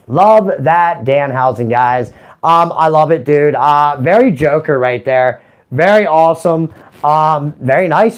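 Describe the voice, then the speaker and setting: A man's voice: medium pitch, low-quality recording. A man chatting casually and earnestly to his viewers, rambling with many fillers and swearing freely. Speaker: channel creator. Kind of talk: casual vlog chat to viewers.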